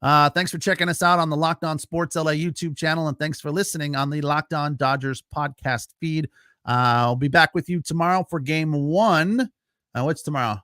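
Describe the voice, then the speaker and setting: A man's voice: on the high side, normal speed, pushed and bright, no room sound, clean studio sound. A man hosting a solo postgame sports podcast, talking casually with lots of fillers and reacting to live chat. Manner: casual, chatty, frequent fillers, laughs easily.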